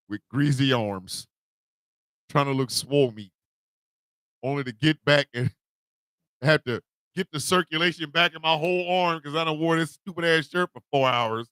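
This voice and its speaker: A man hosting a morning radio show, telling comic confessions with put-on voices and loud, laughing bursts. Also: mid-range voice, a little slow, long pauses, clear, resonant tone, no echo. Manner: animated storytelling with put-on voices. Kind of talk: comedic radio monologue.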